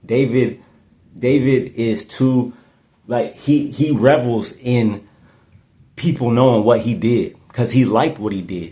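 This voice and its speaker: A man talks through a case on his own podcast in a loose, conversational way, with no script. He thinks out loud, stumbles, and circles back on his words as he works out his points, keeping his pitch in an ordinary middle range. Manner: repeats and restarts words often, thinking aloud. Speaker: podcast host. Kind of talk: casual true-crime commentary.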